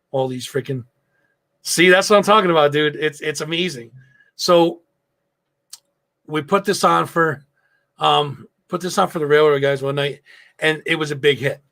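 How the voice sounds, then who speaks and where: Middle-aged male host, gravelly, slightly high voice, casual rambling storyteller with lots of cursing. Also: a bit bright. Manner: loose storytelling, frequent swearing and fillers. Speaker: live show host. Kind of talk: casual live-stream chat.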